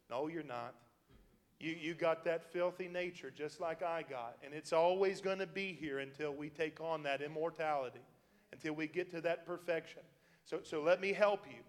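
A man's voice: on the high side, moderate pace. A man preaching a sermon as pastor, with an emphatic, chuckling delivery. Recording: long hall reverb.

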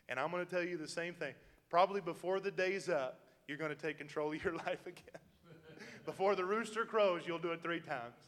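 A man delivers a sermon in a folksy, emphatic way, breaking into chuckles as he drives his points home. His voice sits a little high for a man. It rings out with a long reverb through a church hall. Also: a bit bright. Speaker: pastor.

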